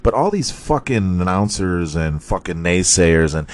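A man's voice: low-pitched, expressive, moderate pace, few pauses, a bit bright. A man hosting a sports podcast, reading college football scores in a casual, profane, ranting manner and laughing at his own slips.

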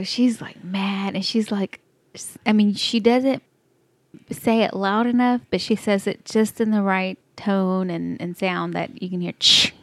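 A woman's voice: medium pitch, no room sound. A woman with a Texas twang tells a story in a casual chat, breaking into laughter again and again. Her voice sits in an ordinary middle range. The sound is close and dry. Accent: Texan. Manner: animated, laughs often, acts out her own thoughts.

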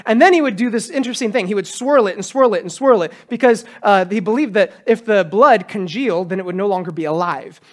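A man preaching a sermon as pastor, animated, acting out quotes with a raised voice. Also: high voice. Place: church.

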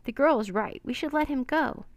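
A woman's voice: high voice, normal speed, dry recording, pitched above the performer's own voice. A woman voicing a polite, kindly young male scientist speaking earnestly.

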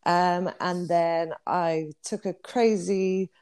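A middle-aged woman from Bristol with a smooth, well-spoken English accent, chatting as a podcast guest and laughing often. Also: on the low side, steady tone, slow, a little mellow. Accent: soft English, well-spoken. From Bristol, England. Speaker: guest hairstylist. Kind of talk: casual podcast chat.

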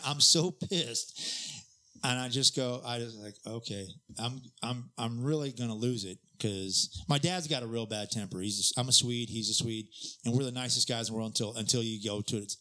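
A man's voice: mid-range voice, pushed and bright. A man in casual chat who laughs often and acts out the people he quotes.

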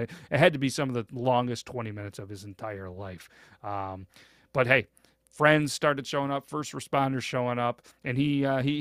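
A man's voice: mid-range voice, a bit bright, dry recording, clean studio sound. A young man hosting a podcast, retelling a story in a casual, rambling way full of fillers and hesitations. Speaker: podcast host.

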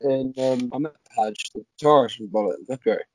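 A young man, rambling quickly through a casual anecdote on a podcast. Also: medium pitch, a little mellow, a little hiss or hum. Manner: rapid, rambling, swears casually. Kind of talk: casual chat, telling an anecdote.

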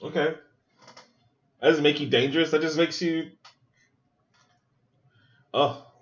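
A man's voice: a little high, fairly even intonation, slow, lo-fi sound. A man hosting a podcast, giving loose, joking, profane running commentary while he watches a film. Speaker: podcast host. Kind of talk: casual movie watch-along commentary.

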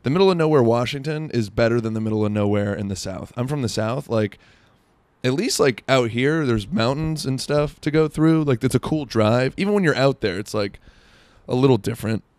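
A young South Florida man, voice mid-range and darkish, talks briskly through a crude, rambling comedy monologue, constantly restarting and leaning on "like." No room sound is audible.

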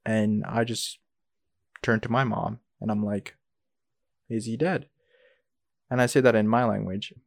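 A young man hosting a podcast, rambling through a story with lots of "like" and quick asides. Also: fairly low pitch, gravelly, no room sound, clean studio sound. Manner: rambling, animated retelling with frequent "like" and asides. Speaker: podcast host. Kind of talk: casual storytelling.

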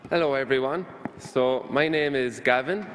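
A man from Ireland with an Irish accent, a young missionary gently encouraging a parish congregation. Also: medium pitch, moderate pace, long reverb tail, slight background noise. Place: church.

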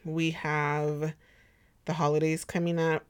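A woman in her thirties hosting a podcast at home, chatty and expressive, laughing often. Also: deep voice, slow pace, clean tone, dry recording. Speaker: podcast host. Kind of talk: casual chat.

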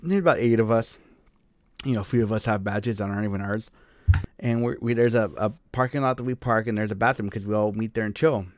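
A man's voice: lowish voice, steady tone, quick pace, dry recording. A man hosting a casual chat and telling a long story, swearing freely and starting sentences over as he talks. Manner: rambling storyteller, swears freely, frequent restarts.

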